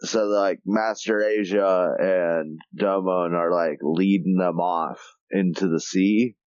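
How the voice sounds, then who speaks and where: A man's voice: low voice, steady tone, takes it slowly, a little mellow, dry recording, lo-fi sound. A man co-hosting a podcast, chatting casually, rambling with lots of swearing and filler words. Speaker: podcast co-host. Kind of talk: casual chat.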